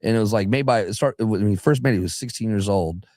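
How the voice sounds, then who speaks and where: A man's voice: lowish voice, quick pace, darkish tone, no room sound, clean studio sound. A young adult man from southeastern Alabama, a singer chatting loosely as a guest on a radio show, restarting his sentences and now and then slipping into put-on voices. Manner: rambling, restarts, breaks into voices. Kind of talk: casual radio interview chat.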